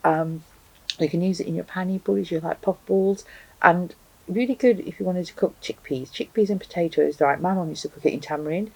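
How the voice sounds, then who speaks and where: A woman's voice: fairly low pitch, brisk, creaky, warm tone, breathy edge, poor audio. A woman reviewing hot sauces to camera at home, chatting casually and thinking aloud with frequent ums. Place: home, indoors with a cat.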